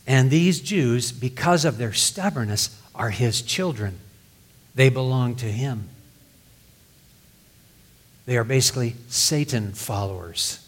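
A man's voice: mid-range voice, expressive, takes it slowly, long pauses. A man preaching a sermon, reading scripture aloud and explaining it in plain words. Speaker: pastor.

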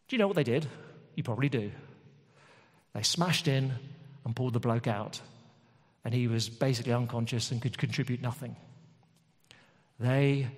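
A man preaching a sermon in a conversational, emphatic way with lots of repetition. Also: medium pitch. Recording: long hall reverb.

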